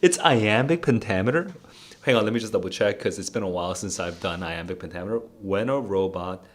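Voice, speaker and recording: A man's voice: low-pitched, fairly even intonation, fast talker. A young man solving test questions aloud as a tutor streamer, laughing often, muttering as he reads and exclaiming "dude".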